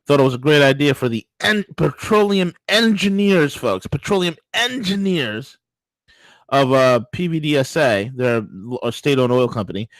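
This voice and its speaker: A man co-hosting a political talk show, telling stories in a mocking, crude, animated way. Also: mid-range voice, no room sound, low-quality recording. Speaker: co-host.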